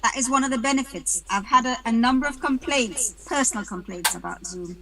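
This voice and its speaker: A woman's voice: a little high, fairly quick, crowd noise, rough recording. A woman from the UK hosting an online panel, chatting casually and greeting attendees by name with light jokes over a video call. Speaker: webinar host.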